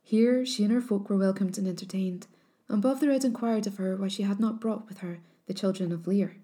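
A woman narrating an old legend in a measured, solemn storytelling style. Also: medium pitch, dark tone.

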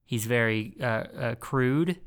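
Laughing podcast host with a smooth voice. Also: male voice, mid-range voice, takes it slowly. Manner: laughs often, playfully prods his co-host. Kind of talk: casual chat.

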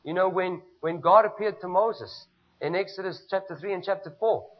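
South African male pastor, very high voice, emphatic call-and-response preaching, muffled lo-fi recording. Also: moderate pace. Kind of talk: sermon. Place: church. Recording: dull lo-fi recording.

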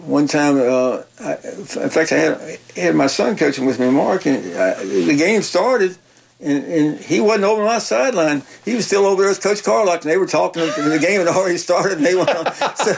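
An older man, a retired football coach telling stories in a halting, folksy way, often repeating words. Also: sits high, gravelly, slightly rough, low-quality recording. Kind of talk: casual interview chat.

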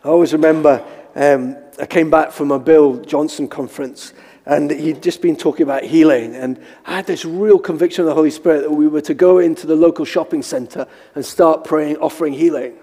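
Male pastor, slightly high voice, storytelling sermon with acted-out quotes, long hall reverb. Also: steady tone, brisk, dark tone. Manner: storytelling, acting out quotes with high squeaky voice for himself. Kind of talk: sermon with personal stories.

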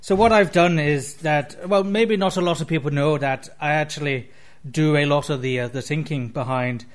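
A man doing a brash mock-Irish loudmouth, O'Neill. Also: on the high side, moderate pace, natural voice. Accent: put-on Irish. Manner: brash, calls others laddie.

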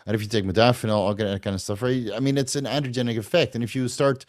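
A man's voice: medium pitch, steady tone, fast. A man hosting a viewer Q&A, talking bluntly and rambling, with frequent fillers, restarts and swearing. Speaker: host answering viewer questions. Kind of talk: casual Q&A monologue.

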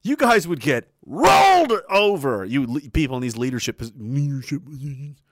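A man, streaming a profane, forceful rant and repeating himself as he builds his point. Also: medium pitch, very animated, normal speed, dry recording, clean studio sound. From Canada. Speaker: livestreamer. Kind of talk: heated monologue rant on stream.

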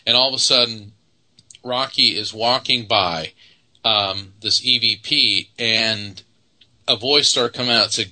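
A man's voice: medium pitch, a little slow, bright, forceful tone, rough recording. A man, a psychic guest from Florida, telling stories earnestly in an interview with many fillers. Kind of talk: storytelling in an interview.

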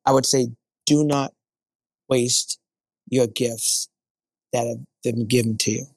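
A middle-aged man speaks earnestly and warmly about his family. He often slips into animated voices to quote other people. The sound is dry, with no room around him. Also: medium pitch, slow pace, creaky, no room sound. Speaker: guest. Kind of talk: casual conversation.

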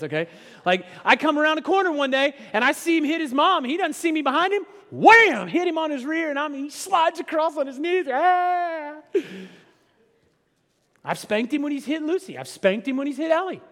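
A middle-aged man preaching a sermon in a conversational style, dropping to a hush and then building loud, with teasing asides to the congregation. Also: extremely high pitch. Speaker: pastor. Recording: long hall reverb.

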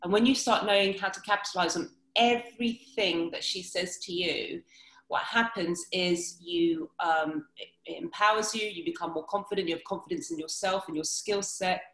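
A woman's voice: on the low side, normal speed, a bit bright, reverberant, rough recording. A woman working as a dating coach, talking animatedly in a casual podcast conversation.

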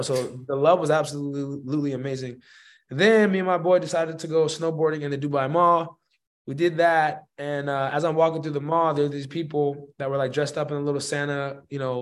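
Slangy rambling man, fairly high voice. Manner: slangy, rambling, animated retelling. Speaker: musician guest. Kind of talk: casual storytelling.

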